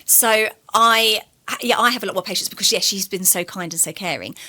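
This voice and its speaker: A woman's voice: mid-range voice, fairly quick, sharp tone. A young woman guest on a podcast, talking candidly and chattily, telling stories with frequent fillers. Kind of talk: casual interview conversation.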